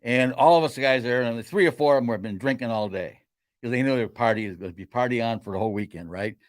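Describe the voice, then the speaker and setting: A man's voice: mid-range voice, no echo, studio quality. Older man telling rambling stories. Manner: rambling, halting storyteller. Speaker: guest, host's father. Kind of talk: casual storytelling chat.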